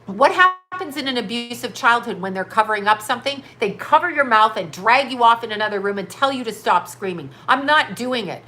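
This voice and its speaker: A woman in her fifties on a livestream, pouring out an emphatic, profane rant with one rhetorical question after another. Her voice sits a bit high and rings bright and forceful. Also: lively intonation, fairly quick, few pauses. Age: 50s. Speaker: livestream host.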